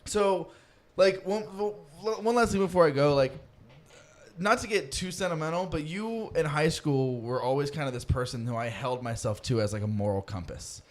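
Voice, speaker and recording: Animated young man hosting a podcast. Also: a little high, normal speed. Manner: rambling, animated storytelling, swears freely. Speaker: podcast host. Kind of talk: casual chat.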